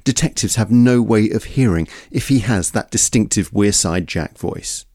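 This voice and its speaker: A man delivering measured, scripted documentary narration as podcast host. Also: on the low side, a little mellow, husky, no echo, clean studio sound. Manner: measured, descriptive.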